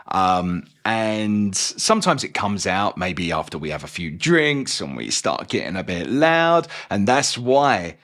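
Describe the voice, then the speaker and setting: A man with a mild Cockney accent reviewing a book in a chatty, joking way. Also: on the low side. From England. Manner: chatty, animated, jokes and quick asides. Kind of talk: casual video review.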